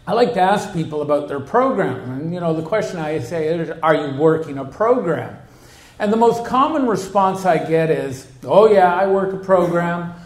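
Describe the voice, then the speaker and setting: A man giving a humorous recovery talk to a convention, acting out the people in his stories. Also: a little high. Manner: storytelling, acts out quoted people. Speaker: recovery speaker. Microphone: handheld mic. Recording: echoey hall.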